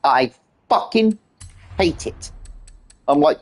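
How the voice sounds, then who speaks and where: A man streaming a video game, his voice high and swinging wildly up and down. He rants in exasperation and swears constantly at the game. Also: big pitch swings, unhurried. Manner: exasperated ranting, heavy swearing. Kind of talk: livestream gaming commentary.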